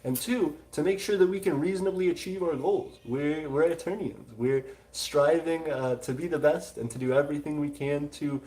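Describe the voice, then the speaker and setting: A man's voice: a little high, normal speed, few pauses, dark tone, low-quality recording. A man hosting a livestream who reads out viewer comments and rambles through questions, full of "uh" fillers. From Texas. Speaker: host of a micronation livestream. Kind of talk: casual livestream chat reading comments.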